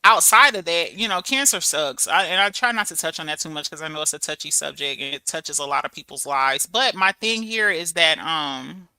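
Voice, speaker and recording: A woman in her thirties chatting casually to her viewers, telling stories in a lively, animated way. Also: sits low, brisk, hardly any pauses, clear, resonant tone, no room sound. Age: 30s. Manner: chatty, storytelling, animated with laughs and quoted voices. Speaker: channel host. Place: abroad in Germany.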